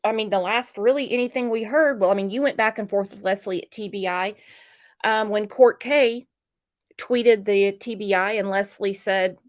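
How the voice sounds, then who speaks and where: A woman's voice: mid-range voice, moderate pace. A woman hosting a true crime livestream, chatting casually with a guest and reading out viewer comments. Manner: animated, reads out viewer comments.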